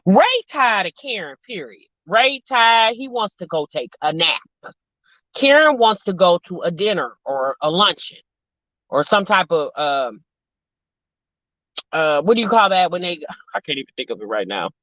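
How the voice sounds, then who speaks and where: A woman hosts a casual chat stream reacting to reality TV, talkative and sassy, calling viewers sis and y'all. Her lowish voice is fairly bright and swings widely in pitch at a moderate pace. The recording is dull, lo-fi and dry.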